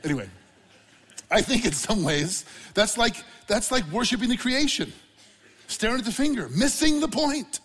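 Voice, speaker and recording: A man preaching a sermon to a congregation, conversational and animated with asides and questions to the room. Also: high-pitched, moderate pace, breathy edge, big-room sound. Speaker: pastor.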